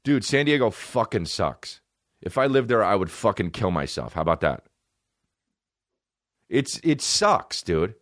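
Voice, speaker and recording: A man's voice: lowish voice, very animated, a little slow, pauses often, fairly bright tone, dry recording, clean studio sound. A man hosting a podcast, delivering a heated, profane rant with emphatic repetition. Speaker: podcast host and comedian. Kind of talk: profane ranting monologue.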